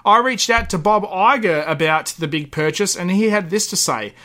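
Bright-voiced joking podcast host. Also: male voice, high-pitched, animated, moderate pace. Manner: jokey, stumbles and laughs through lines. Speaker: podcast co-host reading news. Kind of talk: casual comedic podcast chat.

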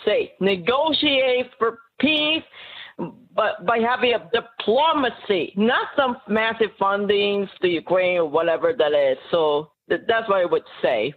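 A man calling in to a talk show, halting and repeating his words, with many fillers. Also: high voice, expressive. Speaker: caller. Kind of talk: phone-in call. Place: calling from Chicago. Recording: tinny phone line.

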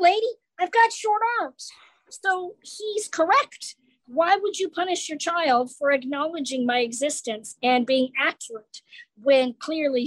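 A woman comedian talks in a relaxed interview, her voice high and bright. She slips into the voices of the people in her stories as she tells them. The sound is dry and close, with no room around it. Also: no echo, poor audio. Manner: animated storyteller acting out quoted people. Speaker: comedian guest. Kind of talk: casual interview chat.

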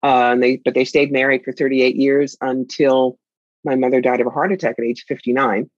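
A woman's voice: extremely low pitch, fairly quick, no room sound, muffled recording. Candid woman telling family stories. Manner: candid, reflective, with lively emphasis. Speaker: author and guest. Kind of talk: personal storytelling in conversation.

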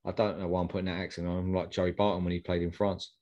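A man's voice: low-pitched, little pitch movement, fast talker, darkish tone, lo-fi sound. A man hosting a casual football podcast, chatty and rambling, often repeating himself. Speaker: podcast host. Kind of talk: casual chat.

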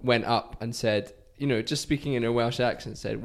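Man telling lively anecdotes in chat. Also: medium pitch, fairly quick, gravelly, noisy background. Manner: animated storyteller, laughs while telling anecdotes. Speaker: podcast co-host. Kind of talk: casual chat.

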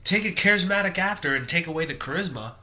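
A man's voice: sits high, fast. A man co-hosting a podcast, chatting casually about a movie and playfully arguing his point. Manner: animated, playfully argumentative. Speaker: podcast co-host. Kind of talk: casual movie review chat.

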